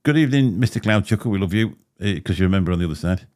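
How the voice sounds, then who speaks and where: Deep-voiced chatty man. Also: animated, racing, darkish tone. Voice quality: slight lisp. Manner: rambling, chatty, laughs often. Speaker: livestream host. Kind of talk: casual chat. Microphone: desk microphone.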